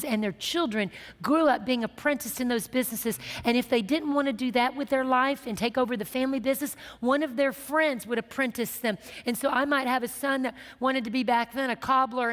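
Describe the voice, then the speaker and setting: A middle-aged woman minister and show host, telling a story from her life in a lively, laughing, self-mocking way. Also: high voice, long reverb tail. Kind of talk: storytelling testimony in casual chat.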